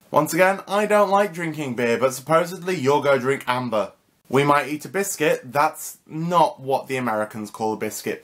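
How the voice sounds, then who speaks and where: A man's voice: fairly high pitch, fairly bright tone. A young man with a British accent hosts a comedic vlog lesson. His voice swoops up and down, and he sounds cheeky and mock-indignant. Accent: British English. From United Kingdom. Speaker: vlogger.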